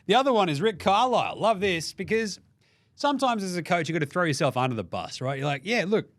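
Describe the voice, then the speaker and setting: A man's voice: high-pitched, big pitch swings, fast talker, fairly bright tone, no echo. A young Australian man hosting a casual basketball recap, joking and swearing freely and acting out players' voices. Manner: profane, jokey, acts out players' voices. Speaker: basketball podcast host.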